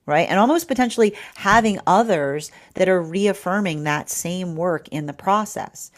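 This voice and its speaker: Low-voiced woman giving a tarot reading. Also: moderate pace, few pauses. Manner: rambling, repeats words, many fillers. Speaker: tarot reader.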